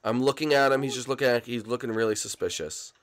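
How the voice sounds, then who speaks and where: A man hosting a casual game session with friends, bossy and excitable, tripping over his words as he runs each round. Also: mid-range voice, fast. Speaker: channel host running a game round. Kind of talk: casual let's-play chat.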